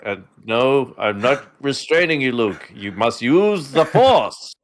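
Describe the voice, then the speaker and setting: A man voicing a solemn, creepy old male Jedi mentor in an imitation refined British accent, intoning slowly. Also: mid-range voice, big pitch swings, a little hiss or hum. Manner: slow, drawn-out intoning.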